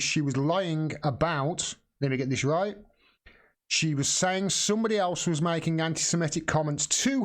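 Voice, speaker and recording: A middle-aged man hosting a live political commentary stream, rambling with many restarts and blunt swearing. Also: a little high.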